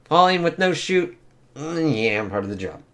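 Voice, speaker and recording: A man's voice: a little high, very animated, normal speed, fairly bright tone. A man giving a casual, profane spoken review of a comic book, with lots of fillers.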